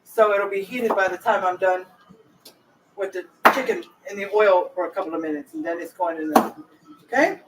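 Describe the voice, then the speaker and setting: A woman's voice: on the low side, moderate pace, distant mic, noisy background. A woman home cook chatting casually to her viewers in her kitchen, rambling from one thought to the next. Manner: rambling, talks straight to viewers. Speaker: home cooking vlogger. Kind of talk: casual cooking chat.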